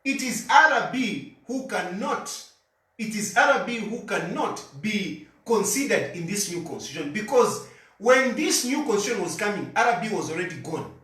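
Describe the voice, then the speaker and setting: A man's voice: high voice, lively intonation, normal speed, pushed and bright, distant mic. A Zambian man giving an insistent political monologue, repeating his points over and over for emphasis. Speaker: political commentator. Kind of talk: argumentative monologue. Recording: echoey room, voice off-mic.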